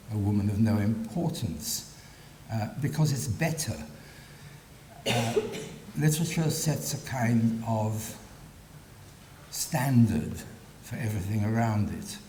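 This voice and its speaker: A man giving a public lecture, hesitant with many pauses and fillers, adding dry wry asides. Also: dark tone, recorded from a distance. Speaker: guest lecturer. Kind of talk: public lecture with read-aloud excerpts. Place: large lecture hall. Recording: echoey lecture hall, faint rumble.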